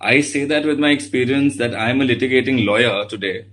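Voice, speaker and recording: Earnest lawyer lecturing students. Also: male voice, medium pitch, fairly bright tone, low-quality recording. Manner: earnest and measured, addressing the audience directly. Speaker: guest speaker, litigating lawyer.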